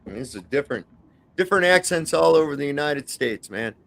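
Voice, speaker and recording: A man's voice: on the high side, animated, quick pace, gravelly, fairly bright tone. A man as a guest on a casual live-stream chat, rambling and crude, tacking "man" onto his sentences. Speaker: panel guest.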